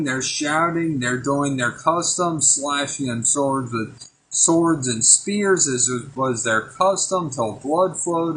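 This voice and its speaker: A man's voice: medium pitch, fairly bright tone, low-quality recording. A man unhurriedly reads a Bible passage for his daily verse. He then explains it in a plain, earnest, chatty way, with the faint hum of a room behind him. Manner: earnest, conversational, slips into plain chat after reading. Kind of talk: scripture reading with casual commentary.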